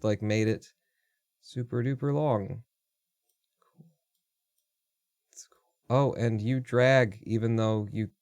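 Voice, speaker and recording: A man hosting a live stream, thinking aloud as he codes, muttering and swearing in quick exasperated asides. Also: lowish voice, a little mellow, no echo, clean studio sound. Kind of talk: casual live coding commentary.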